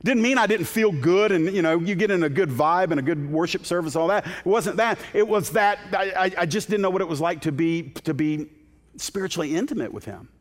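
A man's voice: high voice, a little fast. A man preaching a sermon as a guest preacher in a church sanctuary, impassioned and emphatic, often restarting his words. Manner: impassioned, building to emphatic peaks, with repeated restarts. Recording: long hall reverb in a sanctuary.

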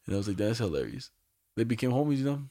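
A man's voice: medium pitch, very fast, mellow, no room sound, clean studio sound. Young man rambling through a slangy story. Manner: rambling storyteller, slangy and profane, full of fillers. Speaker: podcast host. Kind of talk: casual podcast chat.

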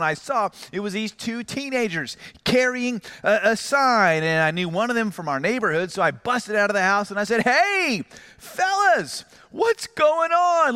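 High, bright-voiced pastor telling stories. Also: male voice, clear, resonant tone. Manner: storytelling with acted quotes and self-mocking humor. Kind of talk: sermon.

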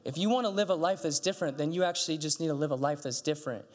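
A middle-aged man preaches from a church stage, his voice sitting high for a man. He tells stories in an animated way and acts out the dialogue as he goes. A long reverb trails off each phrase in the hall. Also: racing. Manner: animated, acts out dialogue with big pitch jumps. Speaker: pastor. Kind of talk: sermon storytelling.

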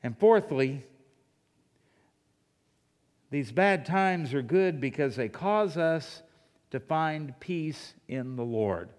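A male pastor preaching a sermon, firing off rhetorical questions and swinging between soft asides and loud emphasis. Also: a little high, long reverb tail.

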